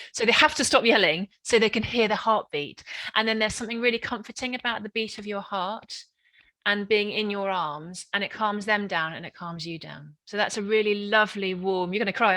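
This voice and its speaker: Bright-voiced woman, gentle. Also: mid-range voice, dry recording. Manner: gentle, explanatory, laughs easily. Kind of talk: casual conversation.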